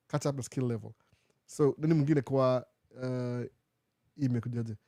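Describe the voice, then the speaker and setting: Male host, live Q&A, casual, code-switching, dry close sound, mid pitch. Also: darkish tone, dry recording. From Kenya. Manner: casual, mixes English with Swahili phrases. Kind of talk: live Q&A answering viewer questions.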